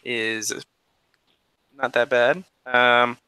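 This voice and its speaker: A player chatting excitably at a tabletop game. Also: mid-range voice, drawn-out words, noisy background. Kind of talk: casual chat at a tabletop game.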